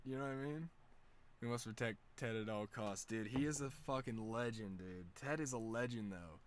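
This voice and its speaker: A young man streaming, telling a rambling casual story with lots of slang and fillers, laughing often. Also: normal speed. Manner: excited, louder and higher when amused.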